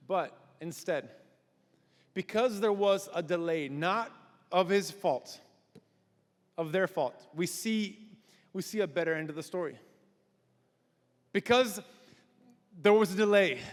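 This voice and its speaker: A male pastor preaching a sermon in an animated storytelling manner, acting out voices. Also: high voice, big-room sound.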